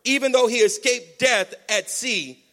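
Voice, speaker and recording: A man preaching a sermon with energetic call-and-response, urging the congregation to answer back. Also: very high voice, unhurried. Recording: long hall reverb.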